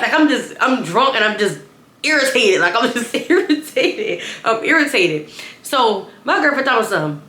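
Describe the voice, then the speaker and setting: Chatty young woman, bright echoey voice. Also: on the high side, lively intonation, normal speed. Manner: chatty, keeps addressing the viewers, restarts and repeats phrases. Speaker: vlogger telling a story. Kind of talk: casual storytime to camera. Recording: echoey room.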